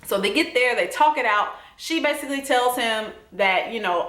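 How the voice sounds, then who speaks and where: Southern woman, young, sassy and chatty, slightly high voice, roomy room echo. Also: lively intonation, fairly quick, few pauses, a bit bright. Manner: sassy, chatty, addresses viewers directly. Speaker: TV recap vlogger. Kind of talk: casual recap commentary. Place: home room.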